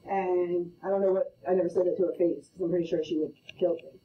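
A woman's voice: fairly low pitch, fairly even intonation, quick pace. A middle-aged woman teaching a math class, playful and storytelling, often checking in with "okay?". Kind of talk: classroom lecture. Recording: roomy, distant, muffled classroom audio.

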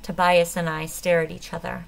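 A woman narrating a first-person audiobook with an expressive, dramatic delivery. Her voice sits on the lower side for a woman. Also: normal speed, gravelly, rough recording. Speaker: audiobook reader.

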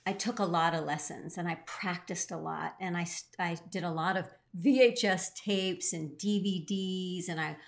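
A woman's voice: fairly low pitch, moderate pace, gravelly, few pauses. A middle-aged woman co-hosting a show, earnestly telling an emotional personal story with swings in her voice. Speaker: co-host. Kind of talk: heartfelt storytelling.

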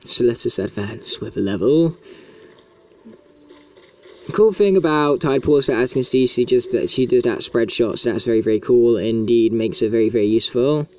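Guy narrating his gameplay, mellow warm tone, chatty and jokey about his own fails. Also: medium pitch, normal speed. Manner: chatty and self-mocking, fond of "indeed". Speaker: video game commentator. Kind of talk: casual gameplay commentary.

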